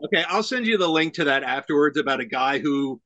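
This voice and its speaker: A man's voice: on the high side, fairly quick, dry recording, muffled recording. A middle-aged man chatting as a podcast guest, animatedly acting out the lines of people in his stories. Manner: animated storyteller who acts out quoted lines. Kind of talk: casual conversation.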